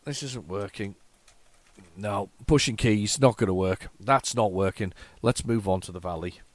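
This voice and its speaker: On the low side and at normal speed, this host's voice comes through without echo. He's making a retro computing video, rambling casually to his audience as he tries out old tapes.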